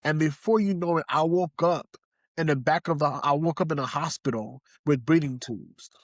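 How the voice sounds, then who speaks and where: A man's voice: fairly high pitch, moderate pace, no room sound, clean studio sound. A young man from Haiti, a podcast guest, giving an earnest, emotional personal testimony and repeating phrases for emphasis. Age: young adult.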